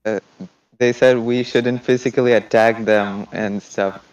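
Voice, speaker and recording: A man calls in to a live stream and stumbles over his words. His speech comes out halting and uncertain. His voice is smooth and clear. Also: medium pitch, fairly even intonation, a little mellow, muffled recording. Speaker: caller. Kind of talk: casual call-in question.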